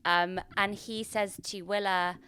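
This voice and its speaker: A woman's voice: medium pitch, fairly even intonation, unhurried, sharp tone, clean tone, no room sound. A woman co-hosting a podcast, chatting casually and retelling scenes from a TV episode. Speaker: podcast co-host. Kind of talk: casual chat recapping a TV episode.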